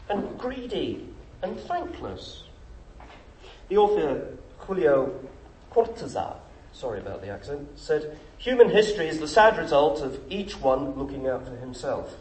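Man preaching in an echoey hall. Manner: emphatic, rhetorical questions, lively pitch swings. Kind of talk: sermon. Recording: echoey room with faint noise.

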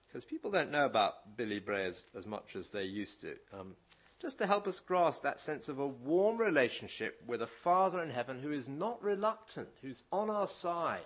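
A man preaching a sermon in an animated, emphatic, conversational way with occasional hesitations. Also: medium pitch, breathy edge.

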